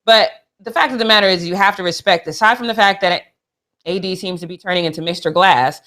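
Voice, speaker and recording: Bright-voiced woman sports show co-host. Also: fairly low pitch, fast. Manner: animated, playful, teasing. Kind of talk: casual sports chat.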